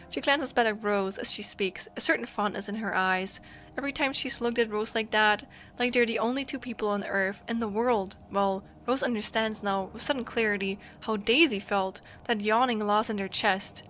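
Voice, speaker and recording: A high-voiced woman streamer from Germany reads a story game aloud, expressive and emotional in her narration. Faint noise sits behind her voice. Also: normal speed.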